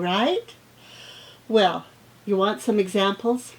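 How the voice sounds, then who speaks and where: In a rough recording, a woman with an expressive, medium-pitched voice teaches young children through a read-aloud lesson. She speaks slowly in a warm-up teacher manner, acting out sound words with playful effects.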